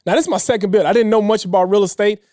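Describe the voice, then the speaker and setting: A man in his thirties telling a personal story in a casual, emotional way, dropping low and quiet when he quotes others. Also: fairly even intonation, racing, no echo, studio quality. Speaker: podcast guest.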